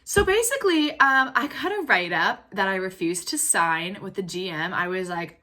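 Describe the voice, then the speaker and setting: A woman's voice: medium pitch, moderate pace, few pauses. A woman, telling a heated storytime rant to the camera, full of "like" and acted-out quotes. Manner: animated, heated retelling with lots of "like" and quoted dialogue. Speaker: vlogger.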